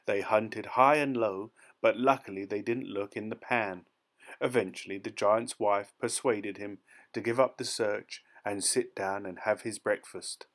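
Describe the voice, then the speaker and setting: A man reading a fairy tale aloud in a steady, expressive storytelling manner. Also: lowish voice, measured pace.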